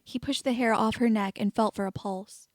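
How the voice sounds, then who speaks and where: A woman reading fan fiction aloud as an audiobook narrator, steady and even. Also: on the high side, moderate pace, dry recording, studio quality. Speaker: audiobook reader.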